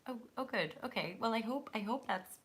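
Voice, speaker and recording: A woman's voice: a little high, expressive, a little fast, fairly bright tone. A woman hosting a live tarot reading, chatty and effusive, with many fillers. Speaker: tarot reader and channel host.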